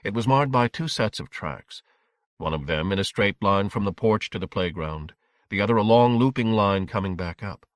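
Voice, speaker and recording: A man narrating an audiobook in a measured, steady way. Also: on the low side, no room sound, clean studio sound.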